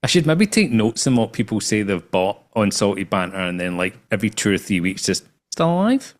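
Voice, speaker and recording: A man co-hosting a casual hobby podcast, teasing the others with quick remarks. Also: fairly low pitch. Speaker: podcast co-host. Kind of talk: casual chat.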